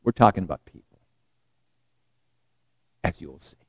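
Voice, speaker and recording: A man giving a sermon in a loose, conversational way, often restarting phrases and dropping to a hushed tone. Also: deep voice, lively intonation, normal speed, lo-fi sound. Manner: conversational and digressive, many repeated starts. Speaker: preacher.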